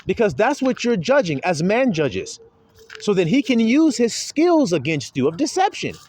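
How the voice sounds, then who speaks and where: A man's voice: sits high, sing-song, moderate pace, darkish tone, poor audio. A man preaching a sermon, pressing his listeners with rhetorical questions and calling them his little flock.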